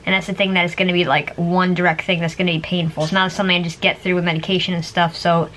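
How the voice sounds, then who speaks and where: A woman's voice: fairly low pitch, flat delivery, quick pace, a bit bright, slight background noise. A woman vlogger chatting casually to camera, rambling with lots of fillers and little laughs.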